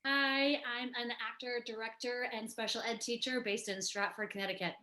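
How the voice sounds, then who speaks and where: A woman's voice: fairly high pitch, normal speed, sharp tone. A woman on a video call introducing herself as an actor and teacher, brief and friendly. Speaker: cast member. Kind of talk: casual self-introduction.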